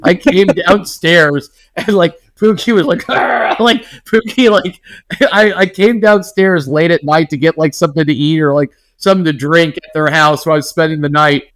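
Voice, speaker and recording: A man co-hosting a podcast, telling a story in a rambling, lively way with many restarts. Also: on the high side, normal speed. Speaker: podcast co-host. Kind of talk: casual storytelling chat.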